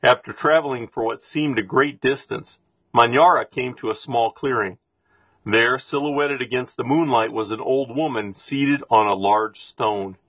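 Man reading a storybook aloud: husky, steady, expressive, dry close recording. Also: medium pitch, measured pace, no echo. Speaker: reader.

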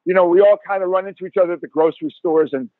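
A man in his sixties, a guest musician telling profane, animated stories in a podcast interview over a tinny phone line. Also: high voice, racing, no room sound.

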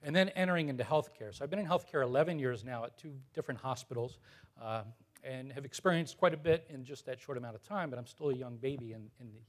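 A man's voice: medium pitch, fast talker. A man in his fifties giving a conference talk to an audience, loose and conversational with many filler words and light self-deprecating humor. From United States. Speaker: conference presenter.

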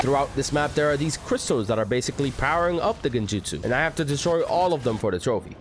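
A young man giving excitable gameplay commentary with narration, breaking into yelps and shouts and joking trash talk. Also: mid-range voice, quick pace, hardly any pauses, a little hiss or hum. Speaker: gaming video creator.

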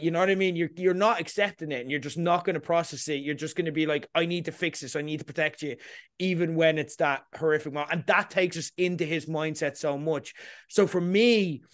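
A man hosting a casual podcast chat, talking in an animated way and often asking "you know what I mean". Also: on the high side, fairly quick, no room sound, studio quality. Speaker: podcast host. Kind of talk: casual chat about a TV episode.

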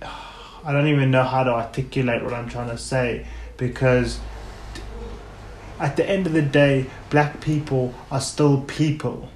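A man hosting a podcast in a casual ranting monologue, emphatic and sarcastic, hitting words loudly and then dropping into muttered asides. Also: medium pitch, steady tone, unhurried. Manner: emphatic, sarcastic, swings between loud stresses and muttered asides. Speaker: podcast host. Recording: roomy echo with faint background noise.

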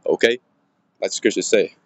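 A man preaching informally into his phone, reading scripture slowly and haltingly, then riffing in a rough, profane way that fills every pause with "man" and "you know". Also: no echo, dull audio. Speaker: street preacher. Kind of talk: informal scripture teaching monologue.

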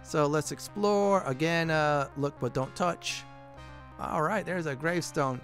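A man's voice: a little high, a little slow, a bit bright, soft background music. A man hosting a let's play, chatting casually with fillers while exploring a game. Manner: casual, rambling, many fillers. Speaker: gaming channel host.

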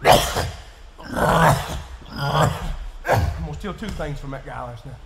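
A man with a Kentucky accent preaching in church, folksy and plain-spoken, dropping to quiet asides and rising to shouts. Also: medium pitch, animated, takes it slowly, gravelly. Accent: Southern US, Kentucky. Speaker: pastor. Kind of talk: sermon. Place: church sanctuary. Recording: echoey church room.

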